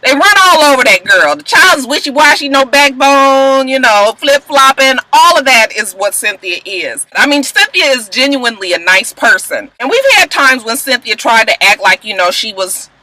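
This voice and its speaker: A woman with a high, bright voice rants through a reality TV recap. She talks casually and bluntly, swears often and leans hard on her points. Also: expressive, moderate pace, hardly any pauses, poor audio. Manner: blunt, profane and emphatic.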